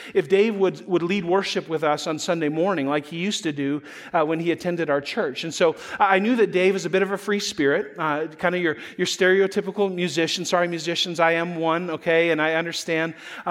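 A pastor delivers a relaxed sermon in a notably high voice for a man. He tells stories like he is chatting with friends and pokes fun at himself along the way. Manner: conversational storytelling, self-deprecating humor.

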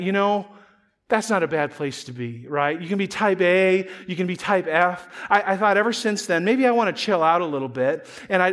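High-voiced man preaching a chatty sermon. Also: a bit bright. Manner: conversational storytelling, self-deprecating humor. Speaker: pastor.

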